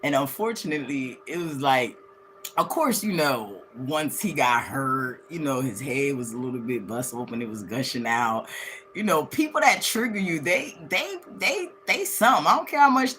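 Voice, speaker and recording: A woman on a livestream tells her viewers a story in a loose, slangy way, often chuckling as she goes. Her voice is bright and sits low, and it leaps up high whenever she acts out someone else's words. A little background noise sits under her voice. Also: moderate pace. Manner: animated, swings into high acted-out quotes of others; candid, slangy, laughs as she talks. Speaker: livestream host.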